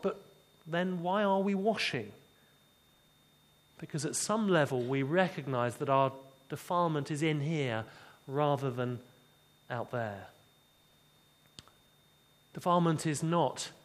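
A man preaching a sermon, expressive and dramatic, dropping low and quiet for emphasis. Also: measured pace, long pauses.

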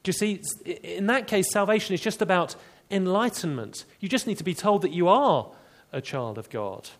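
A man's voice: sits high, lively intonation, moderate pace. A man preaching an expository sermon, emphatic and explanatory, with rhetorical questions to the congregation.

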